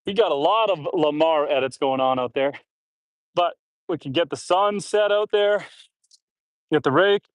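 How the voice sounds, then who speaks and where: A man from Canada livestreaming from his farm outdoors, talking casually to viewers on a phone as he works. His voice sits a little high for a man, and the sound is dry and close. He grunts and sighs between loads and runs a bit out of breath. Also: no echo. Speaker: homestead livestreamer. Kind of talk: casual live chat reading comments while working.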